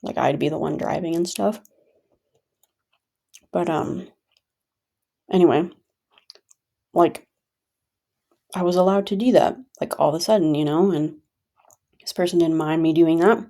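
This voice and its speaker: Gravelly low-voiced woman venting casually. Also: a little slow, pauses often, dark tone. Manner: rambling, filler-heavy, with many "like" and restarts. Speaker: vlogger.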